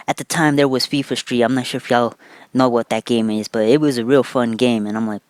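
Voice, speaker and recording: A young vlogger with a clean, mid-range voice talks a little fast with no room sound. He tells a rambling, casual story, loose and profane, full of fillers and restarts, and tacks "right?" onto almost every phrase.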